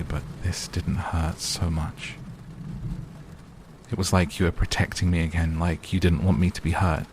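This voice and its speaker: A man gives voice to an earnest teenage girl who gropes for words as she talks. The voice sits low and gravelly, and the delivery stays hesitant, as if she is working it out aloud. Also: background noise.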